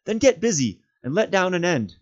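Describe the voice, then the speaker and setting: An earnest young hobbit master, tired yet firm and brisk, as a man reading aloud puts him on. The voice is pitched clearly above the reader's own. The sound is dull and lo-fi. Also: sing-song. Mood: impatient.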